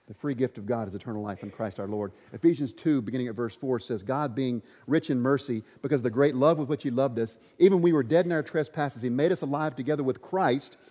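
Man, preacher, sermon, mellow tone, long echoing hall, muffled lo-fi sound. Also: mid-range voice. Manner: reads scripture aloud, rising to emphatic repetition.

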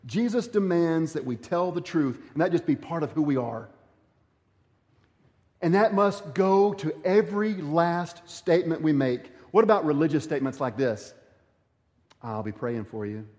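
Man preaching, slightly high voice, emphatic repetition, long hall reverb. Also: animated, moderate pace, a little mellow, muffled recording. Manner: preaching with emphatic repetition, reading scripture aloud. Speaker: pastor. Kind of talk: sermon.

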